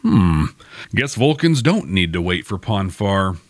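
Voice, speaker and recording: A man's voice: low voice, big pitch swings, a little slow, no room sound. A man hosting a podcast, giving a chatty, wry recap of a TV episode. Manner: chatty and wry, laughing at his own jokes. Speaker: podcast host. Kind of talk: casual episode review narration.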